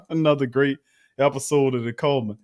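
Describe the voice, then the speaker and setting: A man's voice: medium pitch, measured pace, darkish tone, dull audio. A man hosting a casual sports talk show, laid-back and teasing. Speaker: host.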